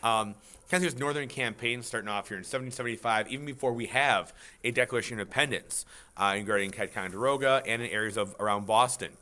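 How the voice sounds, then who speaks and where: A man teaching a casual, chatty history lesson, talking over slides and breaking into loud mock quotes. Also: mid-range voice, fast talker.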